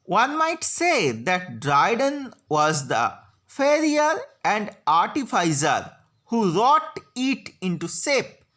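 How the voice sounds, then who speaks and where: Slow, deliberate woman lecturing. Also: mid-range voice, sing-song, fairly bright tone. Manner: slow, deliberate, spelling out syllables. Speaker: literature lecturer. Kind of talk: slide lecture on poetry.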